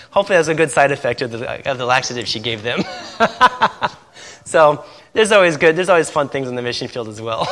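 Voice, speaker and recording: A man's voice: on the high side, fairly bright tone. A man, a missionary, talking casually to a group and laughing often between his sentences.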